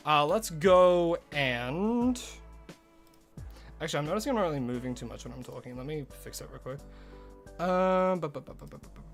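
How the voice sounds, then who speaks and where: A man live-streaming a game, chatting casually with viewers, greeting them by name and rambling about his setup. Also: a little high. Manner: chatty, greets chat by name, loose asides. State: recovering from a headache.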